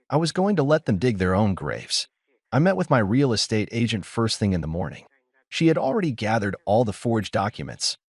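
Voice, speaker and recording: Husky guy reading a revenge story, lively ups and downs, dead dry sound. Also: fairly low pitch, dry recording. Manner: cool, measured, dryly triumphant. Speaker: story narrator. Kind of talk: first-person dramatic story narration.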